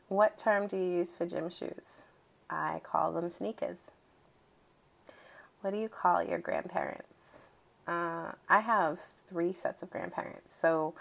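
Young adult woman, Boston accent, low and very gravelly voice, casual and wry vlog chat. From Boston, Massachusetts. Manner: chatty, wry, with frequent ums and light laughs. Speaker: accent challenge vlogger.

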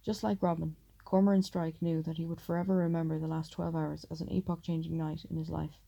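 A woman reads an audiobook at a measured, steady pace. Her voice is very dark and gravelly, and she sits low with a flat, even delivery. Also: highs cut off. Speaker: audiobook narrator. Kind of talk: audiobook narration.

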